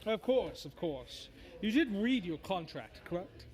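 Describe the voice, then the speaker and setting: A man's voice: high-pitched, big pitch swings, unhurried, a little mellow. A man voicing a sly, mock-polite bone devil who trades in contracts. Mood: smug. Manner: silky, mock-courteous.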